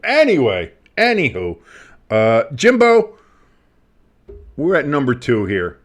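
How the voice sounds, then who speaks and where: A man co-hosting a casual sports podcast, rambling and excitable, swearing freely. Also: mid-range voice, takes it slowly. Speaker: podcast co-host.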